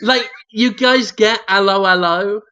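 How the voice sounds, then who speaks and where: A British man with a high voice rambles through crude, sardonic banter. His delivery is casual and comedic, and the recording sounds dull and lo-fi. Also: a little slow, sharp tone, clear, resonant tone.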